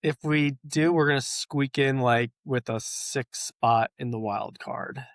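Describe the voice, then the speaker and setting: A man's voice: mid-range voice, measured pace, no echo. Man, podcast co-host, casual chat, hesitant, dry close mic. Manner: hesitant, searching for words.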